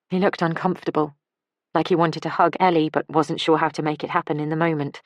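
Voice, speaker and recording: Woman audiobook narrator, calm and measured, low voice, dry close recording. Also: no echo. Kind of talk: scripted narration.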